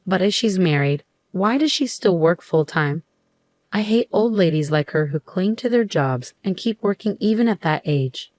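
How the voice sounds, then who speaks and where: A woman's voice: fairly low pitch, animated, normal speed, a little mellow, no room sound, natural voice. A woman voicing a scornful eighteen-year-old new employee in a narrated story. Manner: scornful, mocking.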